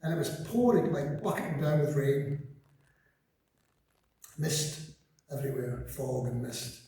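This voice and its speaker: Older aussie guy telling dry funny stories onstage, dark mellow voice, big echoey hall, mic way off. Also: mid-range voice, lively intonation, a little slow, distant mic. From Scotland. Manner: dry, self-mocking humor. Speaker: singer-songwriter on stage. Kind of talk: wry onstage storytelling between songs. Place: large concert hall.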